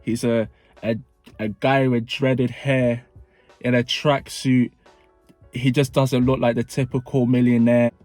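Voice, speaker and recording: Vlogger, man, animated storyteller, dry close sound, soft music underneath. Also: mid-range voice, unhurried, dry recording. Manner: animated storytelling, acting out dialogue. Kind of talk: storytime narration.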